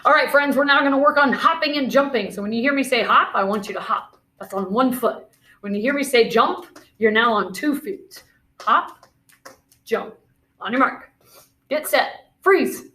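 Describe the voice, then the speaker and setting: A woman's voice: fairly high pitch, moderate pace, sharp tone. A woman teacher leading a classroom video lesson, talking through scenarios and calling out movement commands in an encouraging way.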